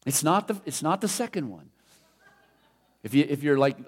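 A man's voice: on the high side, normal speed. A middle-aged man preaching a sermon in a conversational, emphatic way, repeating his key phrases. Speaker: pastor.

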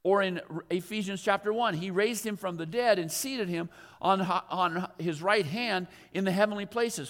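A man's voice: sits high, fairly bright tone, big-room sound. A man, a pastor, preaching a sermon, driving points home through emphatic repetition and questions put to the congregation. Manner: emphatic repetition of key phrases.

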